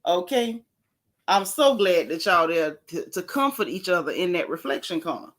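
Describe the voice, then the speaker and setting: A woman hosting a gossip vlog, talking casually in a sassy, animated way and repeating herself for emphasis. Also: lowish voice, moderate pace. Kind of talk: casual chat.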